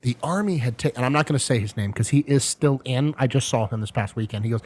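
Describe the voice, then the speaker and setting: A man in casual podcast chat, telling long rambling stories while sipping a drink. His voice sits at a middle pitch. He jumps into lively quoted voices now and then. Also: fast talker, few pauses. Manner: drinks and chats over whiskey. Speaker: podcast host.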